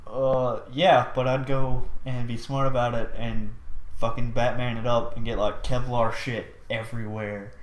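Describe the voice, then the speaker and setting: A man's voice: medium pitch, flat delivery, unhurried. Joking, swearing man, echoey room. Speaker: podcast co-host. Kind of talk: casual chat.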